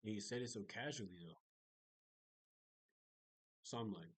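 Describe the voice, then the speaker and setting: A man's voice: mid-range voice, a little slow, long pauses, no echo, rough recording. A young man telling stories in a casual video diary, rambling and chatty, full of fillers and restarts. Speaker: vlogger.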